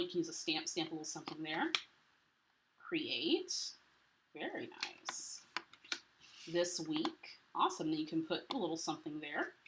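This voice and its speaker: A woman's voice: fairly low pitch, a bit bright, a little hiss or hum. A woman hosting a live craft unboxing. She talks in a chatty, enthusiastic way and greets viewers by name. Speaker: craft livestream host.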